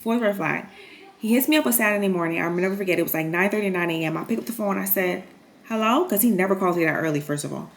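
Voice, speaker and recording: A woman's voice: fairly low pitch, very fast, creaky, slight background noise. A woman candidly retelling a painful personal story in a vlog, emotional and dramatic. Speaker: nurse telling a personal story.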